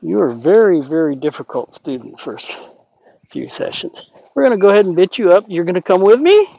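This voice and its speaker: A man working as a horse trainer, calmly explaining while talking gently and soothingly to a horse outdoors. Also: high voice, brisk, creaky, highs cut off. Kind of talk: training commentary.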